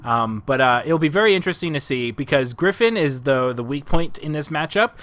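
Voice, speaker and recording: A man's voice: a little high, expressive, a little fast, fairly bright tone. Chatty giggly streamer guy on headset. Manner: chatty, giggly, many ums and uhs. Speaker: streamer coaching a game. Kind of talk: casual live-stream commentary.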